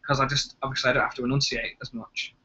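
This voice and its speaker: A man's voice: mid-range voice, flat delivery, fast talker, bright, forceful tone, slightly rough. A young man with a Liverpool accent, co-hosting a casual live chat, jokey and rambling. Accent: Liverpool English. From England. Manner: chatty, jokey, trails off mid-sentence. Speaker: co-host. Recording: dull lo-fi webcam audio.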